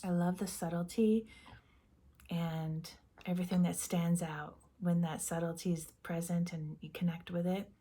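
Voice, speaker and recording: A woman giving a gentle, meandering tarot reading in a soft-spoken voice that drifts into half-whispers. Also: fairly low pitch, fairly even intonation, normal speed, breathy edge. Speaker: tarot reader.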